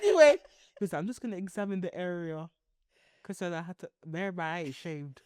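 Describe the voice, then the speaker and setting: A woman, telling a story on a podcast in animated, laughing casual chat. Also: on the low side, a little fast, dry recording. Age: 30s. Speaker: podcast co-host.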